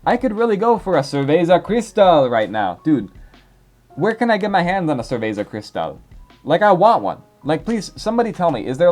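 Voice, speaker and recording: A man's voice: a little high, darkish tone. A young man in his twenties reading viewer comments in casual, rambling chat, full of fillers. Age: 20s. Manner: rambling, filler-heavy, chatty.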